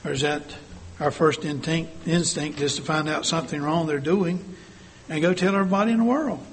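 A man's voice: a little high, brisk, slightly rough. An older man delivering an earnest sermon, asking the congregation many rhetorical questions. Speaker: church speaker.

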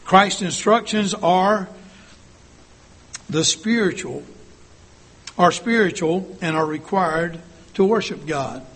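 A man's voice: high-pitched, takes it slowly, long pauses, fairly bright tone, breathy edge. An older man delivering an earnest sermon, asking the congregation many rhetorical questions. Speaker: church speaker.

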